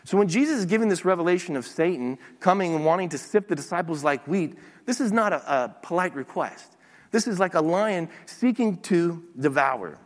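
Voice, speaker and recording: A man preaching a sermon as a pastor, teaching lively with occasional restarts. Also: fairly high pitch, long reverb tail. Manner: animated preaching with some restarts.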